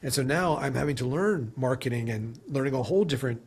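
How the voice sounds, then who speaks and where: A man with a husky, breathy edge to his voice speaks as a podcast guest in a mid-pitched voice. He talks in a loose, reflective way and keeps circling back with "you know". It sounds like a conversational interview. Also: quick pace, a little mellow. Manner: reflective and rambling, heavy use of "you know". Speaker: podcast guest, sales leader.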